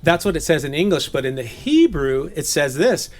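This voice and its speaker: A man's voice: fairly high pitch, sing-song, moderate pace, a little mellow. A man raised in Southern California giving an informal, conversational Bible teaching, laughing at his own jokes.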